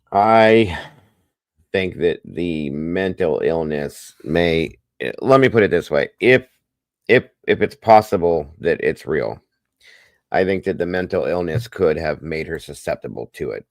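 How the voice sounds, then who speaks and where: A man's voice: a bass voice, no room sound. A man hosting a live stream, chatting casually with his viewers and often calling them guys, while he has the hiccups.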